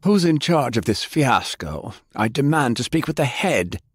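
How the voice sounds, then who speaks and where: A man's voice: on the low side, big pitch swings, moderate pace, creaky, no room sound, clean studio sound, exaggerated voice. A man voicing a fat, blustering rich old grandfather who talks in a pompous, bellowing manner.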